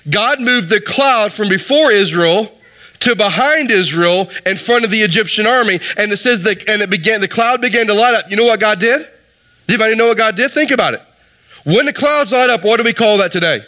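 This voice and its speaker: A middle-aged man, preaching a sermon, telling stories with lively voiced quotes and asking the congregation questions. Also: sits high. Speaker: pastor.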